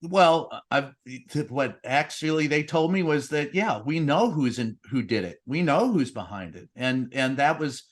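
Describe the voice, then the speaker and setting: A man's voice: fairly high pitch, lively intonation, measured pace, hardly any pauses. A man hosting an interview, conversational and joking, with loose, restarting phrasing. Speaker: host.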